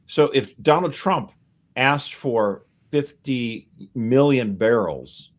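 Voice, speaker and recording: A man co-hosting a podcast, casually walking through news facts with animated asides. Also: medium pitch, slow. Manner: animated explainer, piling up figures and asides. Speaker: podcast co-host.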